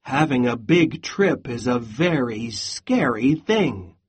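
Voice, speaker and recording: Nervous storybook pig, put on by a reader, slow, lively pitch, husky. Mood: fretful. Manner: slow, deliberate storybook delivery. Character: anxious pig planning a trip. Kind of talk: storybook read-aloud.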